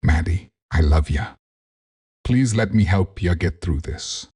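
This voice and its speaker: A man voicing a gruff, protective Southern cousin with a gruff Southern accent. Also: low-pitched, slow pace, mellow, heavily acted. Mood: pleading.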